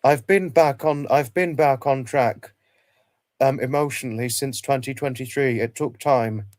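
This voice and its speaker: A man speaks on a casual livestream in a middle-pitched voice, talking haltingly, circling back and repeating phrases as he gropes for words. The sound is dry and close, with no room around it. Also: a little mellow, no room sound. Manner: halting, repeats himself, many restarts. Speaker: livestream host.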